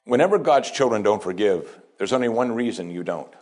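A pastor preaching a sermon, dropping to quiet asides and then rising to strong, emphatic lines. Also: male voice, lowish voice, expressive, fairly quick. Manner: preaching with wide swings between hushed asides and raised, emphatic lines.

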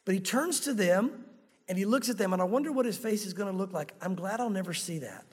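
High-voiced man preaching in a hall. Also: brisk, slightly rough. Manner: earnest, speaks directly to listeners with rhetorical questions. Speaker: pastor. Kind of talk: sermon.

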